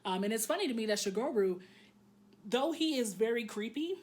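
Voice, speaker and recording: A woman casually recapping an anime episode in a candid, joking way, swearing freely and filling pauses with "um". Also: on the high side, lively intonation, darkish tone.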